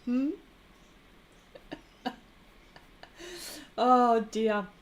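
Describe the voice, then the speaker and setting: Slow, giggly New Zealand woman. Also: fairly high pitch, steady tone. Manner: giggly, laughs often between remarks. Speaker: art livestream host. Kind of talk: casual chat while painting, reading viewer comments.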